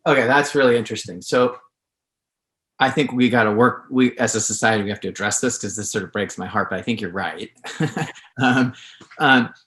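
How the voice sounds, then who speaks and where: A male podcast host asks his questions in a halting, searching way, often trailing off and restarting. His voice sits in an ordinary register, and it rings out in an echoey room. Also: medium pitch, a bit bright. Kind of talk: casual interview conversation.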